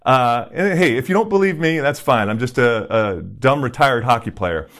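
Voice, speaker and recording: A man's voice: medium pitch, lively intonation, moderate pace, a bit bright. A middle-aged man preaching a sermon as a pastor, in a conversational, self-deprecating way, acting out quotes and using props.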